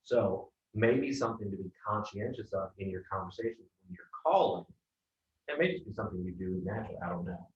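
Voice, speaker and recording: A male sales coach gives direct feedback, often checking for agreement. His lowish voice comes through far off in a roomy space, with dull, muffled sound. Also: expressive, fairly quick. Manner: direct, keeps asking "right?".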